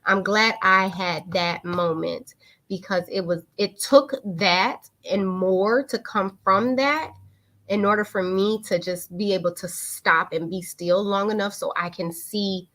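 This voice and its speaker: An open, candid woman in her thirties tells a personal story in casual speech. She hosts a live online talk and jumps into lively voices when she quotes people. Her pitch sits in an ordinary middle range. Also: unhurried.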